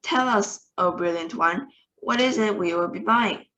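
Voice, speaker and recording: A gaggle of eager witches calling out in chorus and fawning over their leader, put on by a woman reading aloud. The voice is high and excitable, full of greedy storybook delight. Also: unhurried, natural voice.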